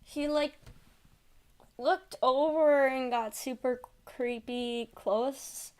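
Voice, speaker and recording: A woman's voice: sits high, steady tone, drawn-out words, clean tone. A woman streamer commenting casually on a video, exasperated and often restarting her sentences.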